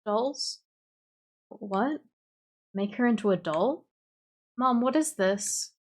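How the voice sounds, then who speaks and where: Scared young girl, read by a woman, pleading, a touch higher, Australian accent. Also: animated, slow. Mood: frightened. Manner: shaken, pleading.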